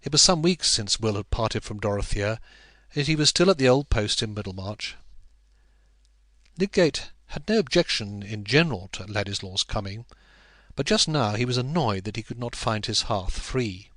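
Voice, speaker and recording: A man narrating a classic novel as an audiobook reader, in a measured, even storytelling manner. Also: on the low side, no room sound.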